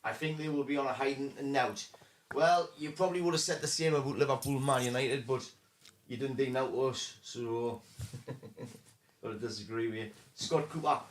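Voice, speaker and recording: A man's voice: medium pitch, normal speed, slight background noise. A man co-hosting a casual football podcast, chatting and reading out viewer comments. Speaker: podcast co-host.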